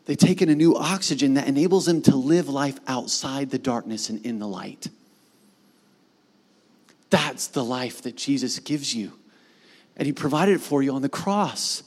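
Male pastor, 30s, high-pitched; casual, animated sermon delivery with slangy asides.

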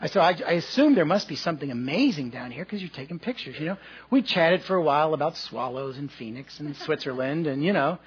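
A man's voice: a little high, expressive, fairly quick, breathy edge, dull audio. A man preaching a sermon to his congregation, telling a personal story in a conversational, humorous way with asides to the listeners. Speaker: pastor.

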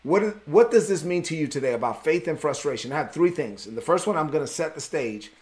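A man preaching a conversational sermon in a folksy, animated way and speaking straight to his listeners. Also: on the high side, fairly quick.

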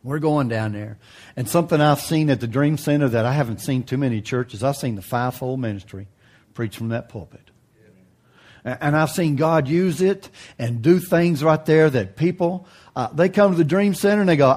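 A man pastor preaching a sermon in a folksy, joking way, his voice jumping high for emphasis. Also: moderate pace, a little mellow.

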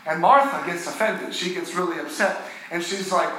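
A male pastor with a high, bright voice delivers an earnest sermon. His voice swells on key lines and sinks soft and low on tender moments. It rings through a very echoey church hall, with faint noise underneath. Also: normal speed, few pauses.

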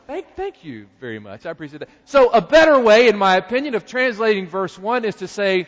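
A middle-aged man with a Southern accent preaches in a high, light voice, building to emphatic, animated points with a touch of humor. His voice rings through a large church hall with a long echo, and the audio sounds muffled and dull. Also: brisk, few pauses. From North Carolina. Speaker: pastor. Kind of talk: sermon. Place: church sanctuary.

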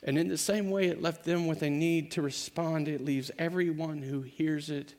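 A man preaching a sermon, moving from hushed, quiet passages to loud, emphatic declarations and slowing to stress key words. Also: fairly high pitch, fairly even intonation. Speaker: pastor.

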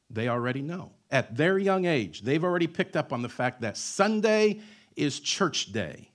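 A man's voice: a little high, animated, brisk. A male pastor in his thirties preaching a sermon in a church, with emphatic repetition and joking asides.

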